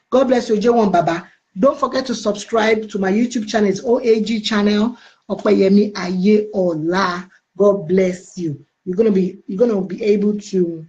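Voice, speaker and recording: A woman's voice: mid-range voice, mellow, lo-fi sound. A middle-aged woman with a Nigerian accent, chatting casually on a live stream and greeting viewers by name. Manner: chatty, playful, answers comments by name with blessings. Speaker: live-stream host reading viewer comments. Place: United Kingdom.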